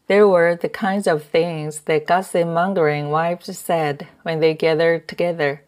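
A woman narrating a translated novel as an audiobook in a measured reading. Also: fairly low pitch, steady tone, darkish tone. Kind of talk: scripted narration.

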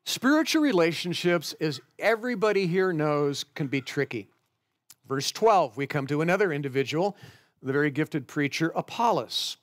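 Higher-voiced man preaching conversationally. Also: animated, normal speed. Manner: conversational, explains scripture verse by verse. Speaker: pastor. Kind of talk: sermon.

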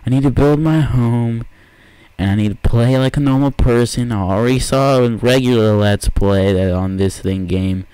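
A man giving let's play commentary, excitable and quick to yelp and exclaim at what happens in the game. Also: mid-range voice, clean tone, dry recording. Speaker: let's player.

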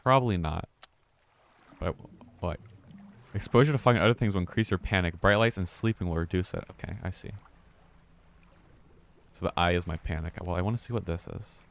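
A man's voice: sits low, brisk, gravelly, long pauses. A man streaming a game live, commenting casually, muttering to himself and swearing when startled.

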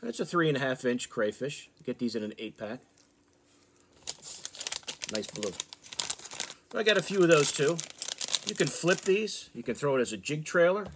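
A man's voice: on the high side, normal speed, long pauses, noisy background. Chatty American man showing fishing lures. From northeastern United States. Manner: relaxed, chatty, fillers and restarts. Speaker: fishing channel host. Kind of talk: casual product show-and-tell.

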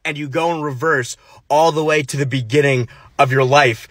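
A man telling an absurd comic story in a deadpan narrating manner. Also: a little high, normal speed, dry recording. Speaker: comedian. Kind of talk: comedic storytelling.

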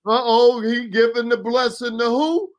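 A man with a fairly high voice hosts a Bible talk on the radio. He breaks in with folksy, conversational commentary and keeps nudging the reader to carry on. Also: unhurried. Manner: folksy, chiming in to prompt the reader. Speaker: radio show host leading Bible reading. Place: radio studio.

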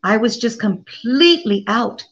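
A woman guest giving an earnest personal testimony, halting and often repeating her words. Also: fairly high pitch, animated. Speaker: interview guest. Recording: slightly dull lo-fi audio.

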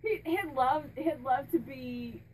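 A woman's voice: sits high, slow, far from the mic, slight background noise, rough recording. A woman speaking as a medium, chatting casually and relaying what a spirit tells her, with many restarts and fillers. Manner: laughs and jokes with the spirit. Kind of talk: casual channeling talk to camera.

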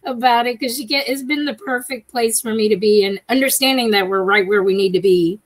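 A woman's voice: medium pitch, brisk, poor audio. A woman on a live video call, sharing her personal story candidly and with self-mocking humor. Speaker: community member on a live call.

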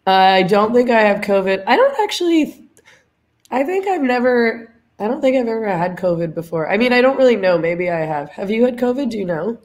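A woman's voice: medium pitch, animated, normal speed, a little mellow. A woman hosting a livestream in casual chat, congested from a cold, chatty and laughing often with many fillers. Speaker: livestream host.

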